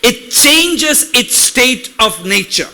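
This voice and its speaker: A man preaching a sermon to a congregation, asking them questions and reading Hebrew words slowly. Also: extremely high pitch, big pitch swings, sharp tone. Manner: talks directly to congregation with questions. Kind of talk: sermon teaching.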